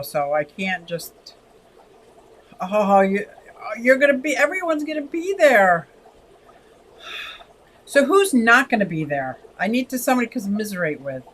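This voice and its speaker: Recorded roughly, a woman over sixty from Pennsylvania, USA, hosts a casual livestream, reading out viewer comments in a medium-pitched voice. She's chatty and expressive, often swaying between lively and soft.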